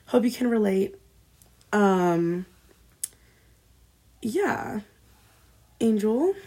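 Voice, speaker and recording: A woman's voice: mid-range voice, very animated, extremely slow, warm tone, slightly rough. A young woman in her twenties co-hosting a casual podcast, loose and laughing, swearing freely, recorded on a built-in laptop mic. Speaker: podcast co-host. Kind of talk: casual chat.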